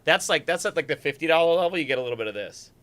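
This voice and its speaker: Bright-voiced man in joking stream banter. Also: on the high side, lively intonation, rapid-fire. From Superior, Wisconsin. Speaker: guest musician. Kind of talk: casual livestream chat.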